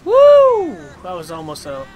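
A man commentating his own gameplay in a casual, rowdy way, swearing freely and bursting into shouts. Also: fairly high pitch, animated, moderate pace.

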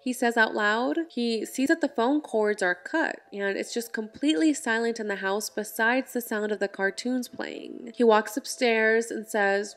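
A woman's voice: mid-range voice, normal speed, hardly any pauses, a bit bright. A woman narrating a movie's plot in a casual, conversational retelling.

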